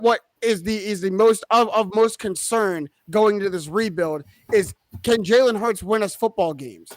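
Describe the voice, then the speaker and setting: A man argues his side assertively in a casual sports discussion, sometimes restarting his sentences. His voice is high-pitched. The recording is dry with no room sound. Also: fairly bright tone, no room sound. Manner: assertive, argumentative, some restarts. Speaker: podcast panelist playing a prosecutor.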